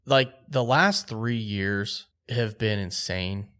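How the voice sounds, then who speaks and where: A man telling a hunting story on a podcast, animated and acting out quotes. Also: lowish voice, slow pace, smooth. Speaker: podcast host.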